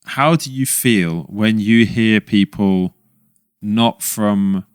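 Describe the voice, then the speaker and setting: A man's voice: on the low side, slow pace, smooth, dry recording, studio quality. A young adult man with an English accent, a podcast guest telling self-mocking stories in casual chat. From England. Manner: anecdotal, self-mocking storytelling.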